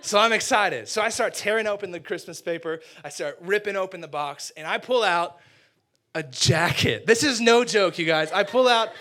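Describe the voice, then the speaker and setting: A man in his twenties preaching a sermon, telling a funny personal story with animated, exaggerated outbursts. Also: high voice, moderate pace. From United States. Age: 20s.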